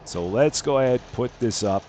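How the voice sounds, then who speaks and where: A man's voice: medium pitch, expressive, moderate pace, a little mellow, a little hiss or hum. A man hosting a let's-play, chatting casually and narrating each task aloud, often correcting himself. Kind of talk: casual gameplay commentary.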